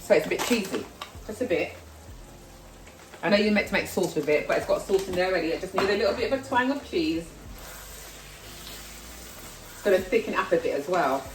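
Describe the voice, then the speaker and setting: Vlogger: London woman, lowish voice, chatty cooking talk, echoey kitchen away from mic, frying behind. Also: expressive, brisk, long pauses, far from the mic, noisy background. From South London, England. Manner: chatty, self-deprecating, talks while cooking. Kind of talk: casual cooking vlog chat. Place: home kitchen. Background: frying and sizzling food.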